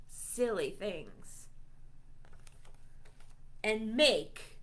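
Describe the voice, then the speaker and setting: Very slowly, in a mid-range, slightly bright voice with lively intonation, a female librarian reads a silly book to young kids at storytime. She keeps it playful, pretending to be indignant at the story.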